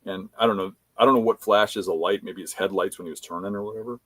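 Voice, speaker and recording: Low-voiced man telling stories. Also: fairly even intonation, fast, fairly bright tone, dry recording. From Wisconsin. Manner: laid-back, rambling, filler-heavy. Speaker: podcast guest, bear hunter. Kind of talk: casual anecdotal storytelling.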